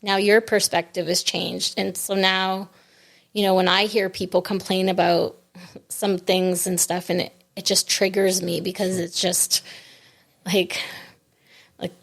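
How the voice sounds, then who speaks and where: A grieving woman telling a personal story in an interview, reflective and halting, with many restarts. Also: lowish voice, little pitch movement, gravelly. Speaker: podcast guest. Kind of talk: conversational interview.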